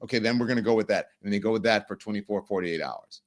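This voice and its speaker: A middle-aged man hosting a live political commentary stream, ranting in an animated, profane way. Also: fairly low pitch, fast, hardly any pauses. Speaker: livestream host.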